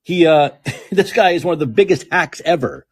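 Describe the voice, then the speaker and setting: A man with a fairly high, animated, slightly rough voice rants about politics on his podcast at a moderate pace. He is furious, sarcastic, and heavily profane throughout.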